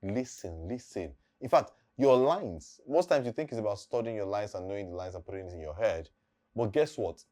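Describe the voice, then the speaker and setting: A man's voice: on the low side, lively intonation, normal speed, a little mellow. A man, an acting coach explaining how to deliver lines in a casual, emphatic teaching talk that repeats key points.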